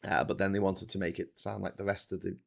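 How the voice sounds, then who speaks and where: A man's voice: low-pitched, level tone, fast, vocal fry. A British man in his fifties hosting a casual live stream, reading viewer comments and ranting with plenty of swearing and restarts. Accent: British English. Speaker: livestream host.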